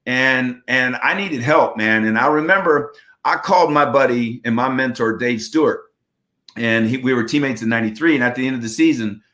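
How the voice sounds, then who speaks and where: Man, fifties, from the United States, earnest and emphatic, bright and forceful tone, mid pitch. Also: normal speed. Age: 50s. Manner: earnest, emphatic, acts out quoted dialogue. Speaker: interview guest, former baseball pitcher. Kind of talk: personal storytelling in conversation.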